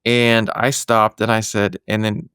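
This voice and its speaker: A man's voice: on the low side, level tone, measured pace, a bit bright, smooth, no echo, clean studio sound. A man who hosts podcasts, talking in a casual conversation from his home office and sharing earnest, reflective stories.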